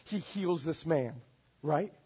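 Husky-voiced preacher, high and impassioned. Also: male voice, expressive, slow, rough recording. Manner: swings from loud urgent preaching to hushed intensity. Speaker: pastor. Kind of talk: sermon. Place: church.

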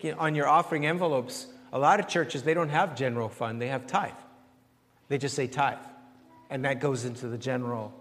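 A man pastor giving a conversational sermon with questions and answers, animated and repeating phrases as he searches for words. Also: a little high, big-room sound.

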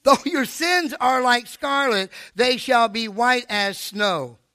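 An older man preaching a sermon at a live church service, animated and preachy, with joking asides. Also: very high voice, slow, no echo. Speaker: pastor.

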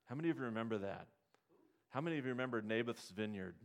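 Male pastor, mid-pitched, preaching a storytelling sermon with questions to the congregation. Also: expressive, fast.

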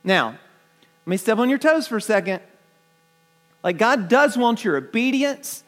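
A man's voice: sits high, big pitch swings, unhurried, fairly bright tone. A man preaching a sermon to his congregation, earnest, often repeating words and asking the listeners questions. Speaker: pastor.

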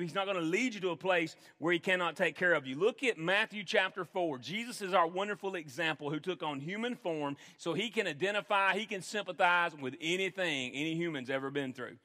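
Emphatic high-voiced man preaching in a hall. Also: sharp tone. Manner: earnest, emphatic, repeats phrases for stress. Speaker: pastor. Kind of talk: sermon. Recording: long hall reverb.

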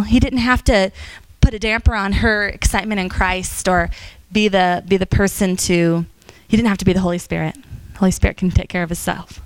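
A woman leads an evening church class, telling stories and acting out the people in them with lifted, lively voices. Her tone is smooth and clear, at a middle pitch. The sound is dry and close. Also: no room sound. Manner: storytelling, animated quotes, frequent fillers. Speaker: Bible class teacher. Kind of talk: informal church teaching.

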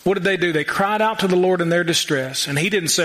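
A man's voice: high voice, quick pace, fairly bright tone. A man preaching a sermon in a small church, asking the congregation rhetorical questions with casual asides. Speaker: pastor.

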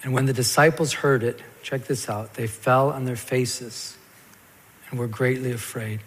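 A man preaching a sermon as a pastor, telling the scripture story in a lively way and acting out the stammering parts. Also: medium pitch, unhurried. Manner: animated storytelling, acts out Peter's stammer. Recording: long hall reverb.

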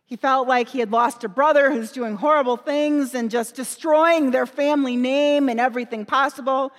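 A woman retelling a parable as a first-person story, in an animated, emotional way. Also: high voice, normal speed. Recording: long hall reverb.

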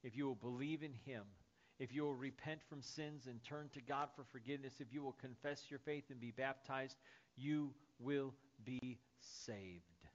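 A man preaching a sermon as pastor, dropping to soft, hushed lines and rising to loud, excited storytelling. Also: mid-range voice, fairly quick, lo-fi sound.

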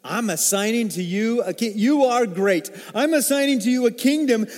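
High-voiced man preaching in a reverberant hall. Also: moderate pace. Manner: preaching with swings from loud emphasis to hushed low asides. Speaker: pastor. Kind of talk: sermon. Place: church sanctuary.

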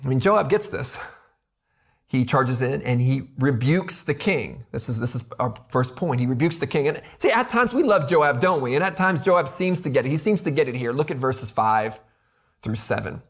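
A man's voice: medium pitch, animated, normal speed. A man preaching an expository sermon, earnest and building to emphatic rhetorical questions, often repeating words as he presses a point. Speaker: pastor.

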